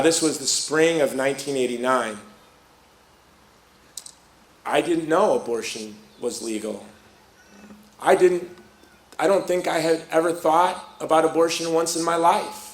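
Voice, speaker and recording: A middle-aged man from Chicago tells a personal story to a live crowd and slips into the voices of the people he quotes. His voice sits a little high for a man. The sound carries the echo of a large room. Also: measured pace, long pauses. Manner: lively storyteller who acts out quoted voices. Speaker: speaker.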